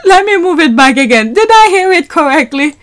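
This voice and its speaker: A woman's voice: very high-pitched, very animated, fairly quick. A woman hosting a reaction podcast, laughing often and sounding incredulous as she reads listener comments aloud. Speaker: podcast host reacting to clips.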